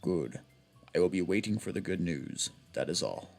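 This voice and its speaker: A man voicing a cold, commanding male villain leader in a low, close-mic whispered role-play. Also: lively intonation, normal speed, vocal fry, darkish tone, soft background music.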